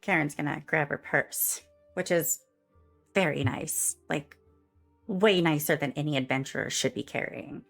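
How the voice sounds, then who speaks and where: A woman player narrates her character's actions in an easygoing, chatty way, full of fillers. Her voice sits a little low, and faint music plays behind her. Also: a little slow, vocal fry. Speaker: player and streamer. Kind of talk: casual tabletop game narration.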